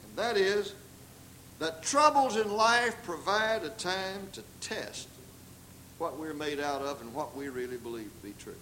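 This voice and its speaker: Older Southern preacher with lively swings. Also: male voice, a little slow, a little hiss or hum, rough recording. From American South. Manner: dramatic, acts out quoted voices with big pitch leaps. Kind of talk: sermon.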